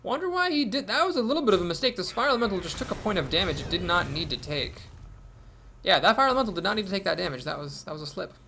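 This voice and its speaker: A man's voice: high voice, big pitch swings, very fast, creaky, pushed and bright, slight background noise. A man thinking aloud as he commentates his own card game, with wry asides. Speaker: gameplay commentator.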